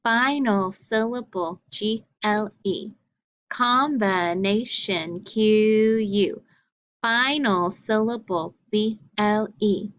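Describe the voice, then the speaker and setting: A woman teaching a recorded phonics lesson for children, drilling letter names slowly and deliberately. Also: mid-range voice, fairly bright tone, muffled recording.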